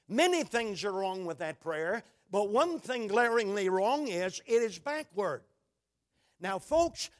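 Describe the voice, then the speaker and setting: A male preacher delivering a sermon, speaking emphatically and asking his congregation questions. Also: high voice.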